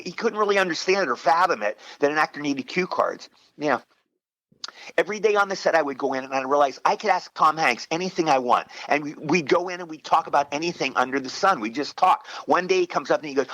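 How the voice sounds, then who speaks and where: A man in his sixties, an actor telling rambling, excited stories with many restarts in a casual interview. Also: fairly high pitch, fast, no room sound, poor audio. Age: 60s. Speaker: actor guest.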